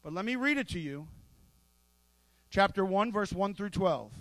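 A man with a strikingly high voice delivers a sermon, lively and playful, with asides folded into his points. The sound is dry and close, with no room around it. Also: measured pace, no room sound. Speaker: pastor.

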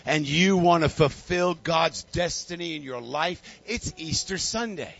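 A man's voice: on the high side, unhurried, gravelly, fairly bright tone, slightly rough, highs cut off, soft background music. A man preaching a sermon to his congregation, a fervent storyteller who repeats phrases and calls people forward. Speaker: pastor. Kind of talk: sermon with altar call. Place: church sanctuary.

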